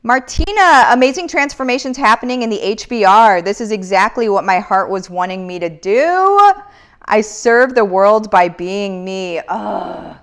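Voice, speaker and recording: Woman, thirties, live-stream host, upbeat, motivational, chatty, middle pitch. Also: expressive, a little slow. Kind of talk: casual live-stream chat reading comments.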